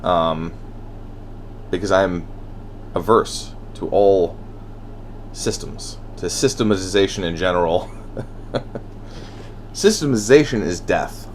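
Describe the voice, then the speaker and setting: A man giving a solo ranting monologue, blunt and profane, with wry laughs between thoughts. He swings between heated outbursts and quiet brooding. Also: sits low, slow pace, pauses often, a little hiss or hum. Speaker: podcast host.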